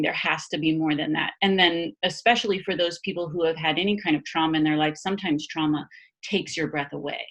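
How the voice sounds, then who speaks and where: A low-voiced woman talks casually as a body-mind therapist guest. Her delivery is animated, with frequent laughter, fillers and restarts, and she sounds like she is on a video call. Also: fairly quick. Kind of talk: casual conversational explanation.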